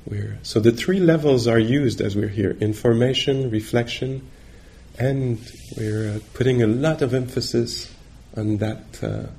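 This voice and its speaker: A male meditation teacher giving a dharma talk on retreat, gentle and reflective, pausing often as he searches for words. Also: mid-range voice, creaky, a little hiss or hum. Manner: halting, searching for words with many pauses.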